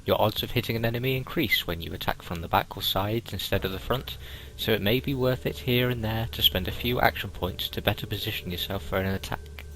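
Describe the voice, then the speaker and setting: A man's voice: on the low side, fairly quick, few pauses, a bit bright, slight background noise, rough recording. A man doing casual game playthrough commentary, reading on-screen text aloud with dry asides. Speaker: gaming video host.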